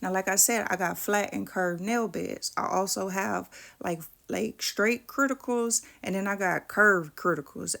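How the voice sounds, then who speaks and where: This woman's mid-range voice is gravelly yet fairly bright. She's a nail tutorial vlogger, pregnant and relaxed, chatting playfully with viewers as she works on her nails.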